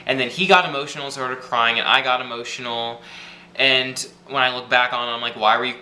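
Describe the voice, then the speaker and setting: A young man chats straight to the camera, telling a personal story full of likes and you-knows. His voice is very bright and forward, and the room around him rings a little. A faint hiss sits under it. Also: medium pitch, steady tone, fairly quick, reverberant. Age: young adult. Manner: chatty, lots of fillers and 'like'. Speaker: vlogger.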